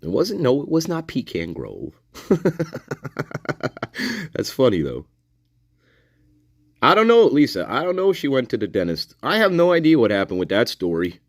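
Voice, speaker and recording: A man's voice: mid-range voice, huge pitch swings, moderate pace, long pauses, no echo, clean studio sound. A man hosting a casual live discussion, rambling, repeating himself and swearing freely. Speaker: livestream host.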